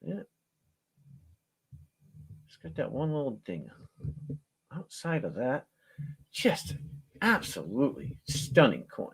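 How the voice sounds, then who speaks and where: Man, coin auctioneer, lively up-and-down voice, slow drawn-out delivery, folksy joking patter. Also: mid-range voice, creaky, husky. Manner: folksy, joking, laughs often; slow, drawn-out calls with animated countdowns. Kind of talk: casual live auction patter.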